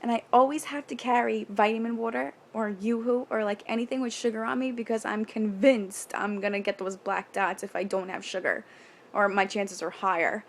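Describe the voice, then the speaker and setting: A young woman from New York talking candidly in a casual vlog, rambling with quick nervous asides and casual swearing. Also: medium pitch, fairly even intonation. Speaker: vlogger. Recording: faint background noise.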